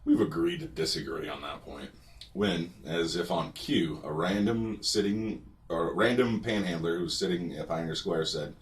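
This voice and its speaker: A man's voice: deep voice, normal speed. A man narrating a personal story with wry, dry humor, recorded a bit away from the mic. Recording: distant from the mic.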